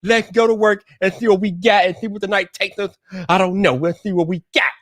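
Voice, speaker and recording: Brief: young man, streamer host, very high and bright voice, loud hype energy, dry close mic. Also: steady tone, dry recording. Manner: loud hype-man shouting, drawn-out cheers. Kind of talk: hyped live stream talk.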